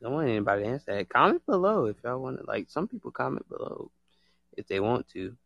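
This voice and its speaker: Man, gravelly voice, dry close sound, casual live-stream chat. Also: medium pitch, fast talker, no room sound, dull audio. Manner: laughs a lot, excitable, slangy.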